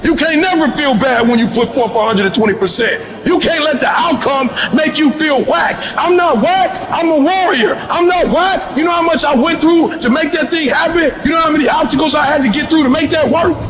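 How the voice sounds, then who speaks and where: A man giving a motivational speech, shouting in repeated, preacher-like bursts. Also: extremely high pitch, a little fast, hardly any pauses, over music. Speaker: motivational speaker.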